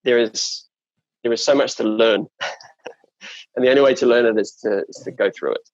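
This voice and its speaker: A man's voice: mid-range voice, moderate pace, no room sound, lo-fi sound. A man from New Zealand with a New Zealand accent, chatting as an interview guest in a rambling way, full of fillers and restarts. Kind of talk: casual chat.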